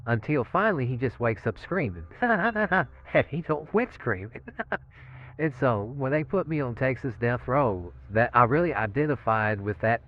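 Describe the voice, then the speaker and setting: A man's voice: medium pitch, expressive, unhurried. A man who is a death row inmate talks in a recorded interview, telling stories in a rambling way with laughs and frequent "you know what I'm saying.". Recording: muffled lo-fi phone-like line.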